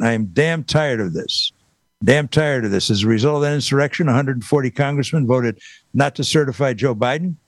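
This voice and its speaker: A man's voice: mid-range voice, no echo. A man hosting a political talk radio show, emphatic and repeating his points for stress.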